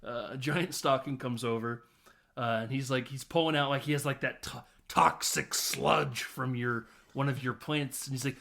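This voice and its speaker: A man's voice: medium pitch, normal speed, creaky. A man casually recapping a movie on a podcast, laughing often and acting out lines from the film. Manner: animated, laughing, doing voices of film characters. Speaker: podcast host.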